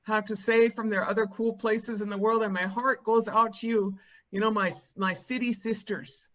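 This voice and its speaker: A woman's voice: mid-range voice, steady tone, normal speed, fairly bright tone. Woman on a zoom panel talking from home, kinda muffled audio, chatty and wry, lots of "you know". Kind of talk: conversational panel talk. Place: her rural home.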